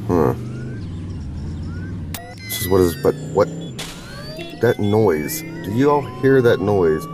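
A man's voice: sits low, moderate pace, long pauses. A man hosting a gaming channel, giving goofy, crude gameplay commentary and slipping into silly voices. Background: game music and sounds.

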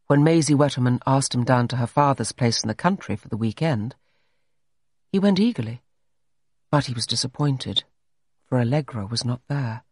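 A man's voice: a little high, darkish tone, husky, no room sound, clean studio sound. A man narrating a story in a scripted, dramatic reading style. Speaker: audiobook narrator.

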